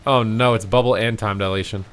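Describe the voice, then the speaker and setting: A man giving slangy, joking live commentary on an esports match, yelling at the big plays. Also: lowish voice, fairly even intonation, brisk. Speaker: streamer casting an esports match.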